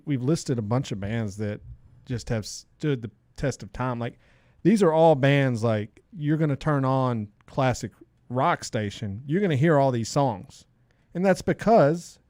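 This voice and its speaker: A middle-aged man co-hosting a podcast in casual chat, emphatic and quick to laugh. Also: medium pitch, animated, darkish tone, no room sound, studio quality. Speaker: podcast co-host.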